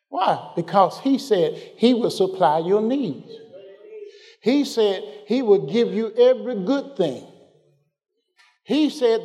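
A man preaching a sermon, questioning his congregation and drawing out scripture slowly before rising in pitch as he builds. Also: expressive, mellow, big-room sound. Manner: call-and-response, questioning the congregation.

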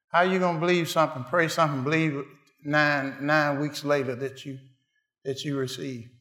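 A man preaching a sermon, building to shouted climaxes and then dropping to hushed, quiet lines. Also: on the high side, fairly even intonation, moderate pace, echoey room.

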